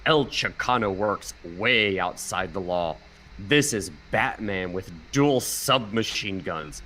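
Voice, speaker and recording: A man's voice: on the low side, lively intonation, takes it slowly, pushed and bright, slight background noise, low-quality recording. A man on a podcast reading a movie review aloud, stumbling now and then and laughing at it. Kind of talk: casual chat, reading an article aloud.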